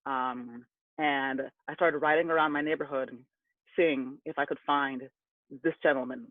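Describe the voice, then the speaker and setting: A man's voice: on the high side, dry recording. A man telling a candid personal story to an audience, heated when he recalls being angry. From California. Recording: tinny phone-like line.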